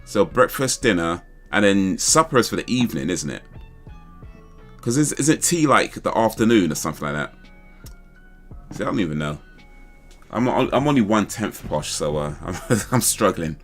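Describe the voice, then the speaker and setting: A man's voice: low-pitched, expressive, moderate pace, pauses often, soft background music. A man hosting a casual livestream chat, rambling and thinking aloud as he second-guesses himself. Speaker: livestream host.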